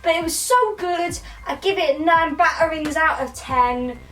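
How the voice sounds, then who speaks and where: A woman's voice: very high voice, unhurried, bright, forceful tone, faint music behind, rough recording. A woman doing a rambling, slangy comic film review.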